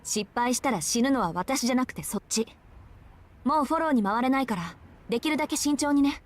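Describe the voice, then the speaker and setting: An actress voicing a sharp-tongued, bossy young woman in a visual novel, talking in a brisk, scolding way. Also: sits high, expressive.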